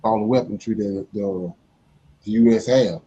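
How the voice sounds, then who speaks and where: A man with a low, dark, husky voice argues his points in a casual, emphatic, vernacular way. The audio is dull and lo-fi. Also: steady tone, normal speed. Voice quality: informal, emphatic, vernacular speech. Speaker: co-host of a Bible study discussion. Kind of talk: casual discussion.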